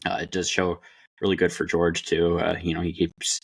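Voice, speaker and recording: A man's voice: low-pitched, completely flat delivery, moderate pace, vocal fry, breathy edge, dry recording. A man co-hosting a podcast in casual chat, talking with many fillers and restarts. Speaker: podcast co-host.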